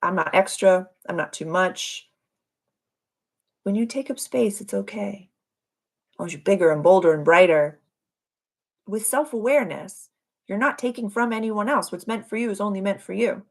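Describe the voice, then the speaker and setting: A woman's voice: medium pitch, normal speed, creaky, long pauses. Gushing woman hosting an astrology livestream. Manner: effusive, gushing, repeats phrases. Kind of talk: casual live-stream chat.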